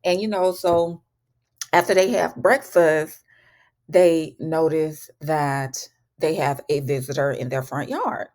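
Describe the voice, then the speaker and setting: A woman's voice: low-pitched, slow, darkish tone. A woman retelling a film in a chatty, casual way, calling her listeners honey and y'all. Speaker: recap host. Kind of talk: casual storytelling recap.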